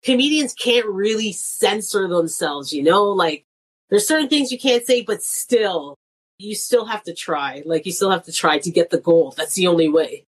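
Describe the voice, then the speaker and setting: A woman comedian in her thirties talks in a loose, chatty way. She laughs often and slips into quoted voices when she tells a story. Her voice sits at a middle pitch. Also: lively intonation, normal speed, slightly rough. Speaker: guest comedian and nurse. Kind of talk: casual chat.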